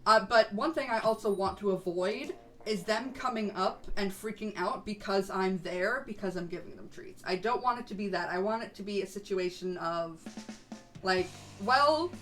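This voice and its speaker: A woman's voice: medium pitch, moderate pace, fairly bright tone, soft background music. Chatty woman streamer, rambling. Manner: rambling and chatty, laughs often. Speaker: VTuber streamer. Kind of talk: casual chat while gaming.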